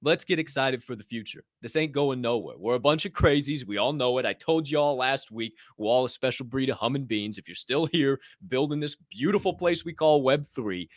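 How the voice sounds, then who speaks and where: A man hosting a podcast, running through news in an animated, joking way, swearing and ranting as he goes. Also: medium pitch, moderate pace, hardly any pauses, no echo, studio quality. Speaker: podcast host. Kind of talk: energetic news rundown.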